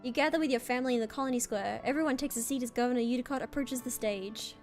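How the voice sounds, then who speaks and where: A woman streamer reading a story game's text aloud and chatting along in a lively way. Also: on the high side, quick pace, soft background music.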